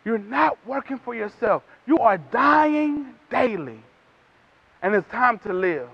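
A man's voice: very high voice, very animated, takes it slowly, gravelly, slightly rough. A man preaching a sermon, repeating phrases in a rhythm that rises to emphatic calls, on a dull lo-fi recording.

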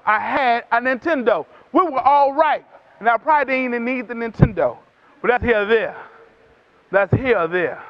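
High-voiced preacher, rhythmic and emphatic. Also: male voice. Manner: rhythmic, repeating phrases, rising to emphatic calls. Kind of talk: sermon. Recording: dull lo-fi recording.

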